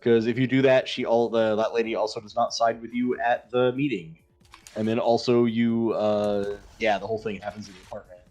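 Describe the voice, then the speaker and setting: A man's voice: on the low side, steady tone, fairly quick, a little mellow. A man co-hosting a let's play stream, chatting casually and retelling stories with quoted asides. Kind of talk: casual gaming chat. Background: faint game music.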